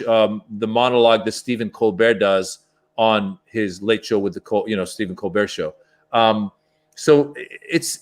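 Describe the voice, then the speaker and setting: A man, a stand-up comedian, telling anecdotes in a casual interview and acting out voices as he goes. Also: mid-range voice. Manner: animated, acts out voices in his anecdotes.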